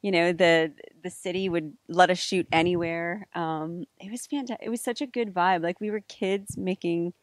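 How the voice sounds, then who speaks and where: A woman's voice: on the low side, moderate pace, hardly any pauses, dry recording, clean studio sound. A woman co-hosting a casual chat about filmmaking, talking animatedly and saying "like" often. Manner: animated, laughs easily, says "like" often. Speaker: co-host, filmmaker.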